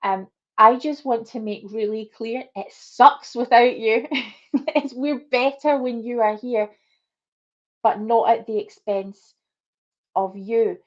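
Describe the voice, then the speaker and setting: A woman hosting a livestream discussion, speaking earnestly and deliberately to her guests and viewers over a video call. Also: on the high side, highs cut off. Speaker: host.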